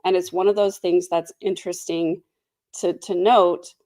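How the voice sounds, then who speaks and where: A woman's voice: fairly low pitch, little pitch movement, moderate pace, a little mellow. Chatty woman hosting a true crime livestream. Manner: chatty, reflective, many fillers. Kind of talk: casual livestream commentary.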